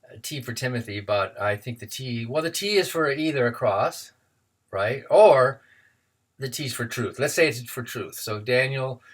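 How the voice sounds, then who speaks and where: A man tells a joke and chats about himself in a relaxed, playful manner. His voice sits at an ordinary middle pitch, and he speaks from his office. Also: moderate pace. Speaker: co-president of a freethought organization. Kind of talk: joke telling and casual self-introduction. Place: his office, blinds closed.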